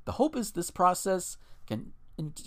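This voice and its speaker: A man's voice: sits high, very animated, unhurried. A man hosting a podcast in casual chat, rambling and profane with frequent restarts.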